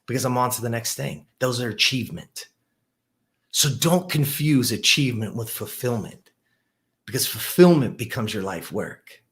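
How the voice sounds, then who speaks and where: A middle-aged man, a gym owner and host, telling a motivational story to camera, rising with excitement and dropping low to reflect. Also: normal speed.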